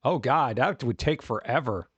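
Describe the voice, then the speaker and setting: A man hosting a casual stream, chatting and riffing on viewer messages in a rambling, jokey way with animated rants. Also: mid-range voice, moderate pace, husky, no room sound, dull audio. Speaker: streamer host.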